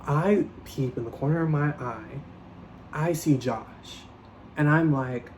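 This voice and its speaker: A young man telling a storytime tale in a casual, animated, dramatic way, swearing freely. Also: on the high side, normal speed, slight background noise, poor audio. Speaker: vlogger.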